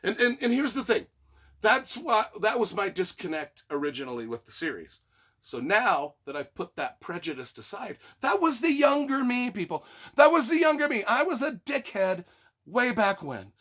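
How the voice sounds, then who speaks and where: Brash, bright-voiced male book reviewer. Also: sits high, very animated, moderate pace. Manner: rambling and profane, with sarcastic asides. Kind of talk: casual spoken book review.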